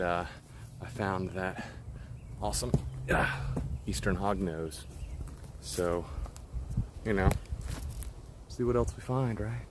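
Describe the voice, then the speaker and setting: Man vlogger: deep-ish, chatty, filler-heavy narration recorded outdoors. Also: a little hiss or hum. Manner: rambling, many fillers and restarts. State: out of breath. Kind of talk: casual outdoor vlog narration. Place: outdoors in a wooded park by a stream bed.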